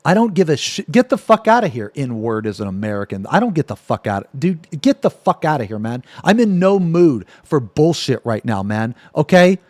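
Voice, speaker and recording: A man's voice: fairly high pitch, big pitch swings, moderate pace, few pauses, a little mellow. A male streamer ranting angrily on a live stream, cursing and repeating himself as he reacts to a clip. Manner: angry, profane, repetitive ranting.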